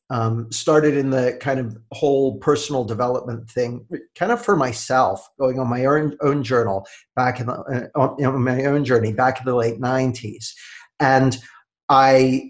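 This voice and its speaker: A man being interviewed as an author about his book, speaking in a thoughtful, measured way over a video call, often trailing off softly. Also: mid-range voice. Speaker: author and guest. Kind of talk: reflective interview talk.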